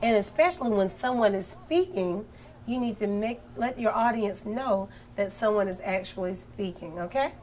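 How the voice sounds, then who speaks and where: A woman teacher leading a young class, speaking clearly and expressively and slowing down to model reading. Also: medium pitch, darkish tone, slight background noise. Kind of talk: classroom reading lesson with children.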